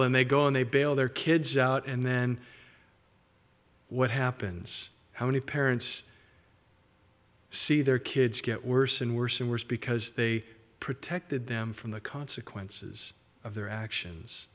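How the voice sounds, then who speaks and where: A middle-aged man preaching a sermon, animated, slipping into quick mock voices for the people in the story. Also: mid-range voice. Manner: animated preaching, mimics characters in asides. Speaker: pastor.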